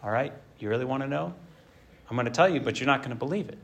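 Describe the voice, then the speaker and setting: A man's voice: medium pitch, lively intonation, fast talker, vocal fry, a bit bright, pitched below the performer's own voice. A man voicing God, who answers curtly and bluntly. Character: blunt, matter-of-fact God speaking.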